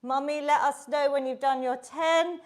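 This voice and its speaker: High-voiced upbeat woman fitness instructor. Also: steady tone, moderate pace. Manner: upbeat, encouraging, counting reps aloud while exercising. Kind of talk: live online exercise class.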